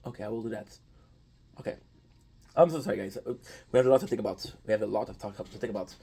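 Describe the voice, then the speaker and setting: A man's voice: lowish voice, quick pace, gravelly, warm tone, slightly rough, rough recording. A man casually retelling an anime story, with lots of restarts and offhand swearing. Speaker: anime commentator.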